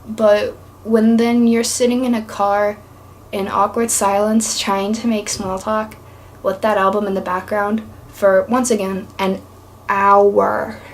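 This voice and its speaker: A young female vlogger from East Tennessee, USA, rambles chattily to the camera, dropping "like" constantly. Her medium-pitched voice is flat and slow, with slight background noise.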